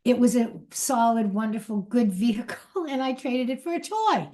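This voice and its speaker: Leading a spiritual talk, a middle-aged woman candidly tells a personal story, frequently laughing at herself between restarts. Her voice sits on the high side, animated and a little mellow, at a moderate pace.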